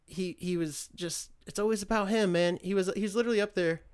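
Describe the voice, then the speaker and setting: A man hosting a podcast, ranting in a loose, profane, sarcastic way. He wanders off, loses his thread and restarts sentences. His voice is smooth and resonant and sits a bit high for a man. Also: fairly even intonation, fairly quick. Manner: loses his train of thought, restarts often. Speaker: podcast host. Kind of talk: casual solo political rant.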